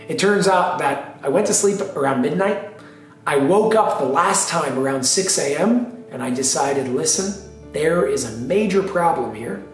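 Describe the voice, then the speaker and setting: A man's voice: fairly high pitch, far from the mic. A man telling a personal story in an emphatic, dramatic way, repeating phrases for effect. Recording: very echoey room, off-mic, faint music.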